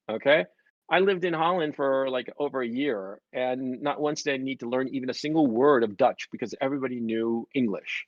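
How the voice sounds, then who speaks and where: A man of middle pitch hosts a casual stream chat, telling rambling, profane stories with lots of animation. His mic sounds dry and somewhat dull, with no room around it. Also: a little fast, no room sound. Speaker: stream host.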